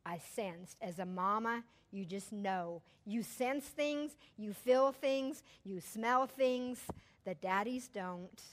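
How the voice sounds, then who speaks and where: A middle-aged woman, telling a personal story to a church audience in an animated, chatty way and laughing often. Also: medium pitch, takes it slowly.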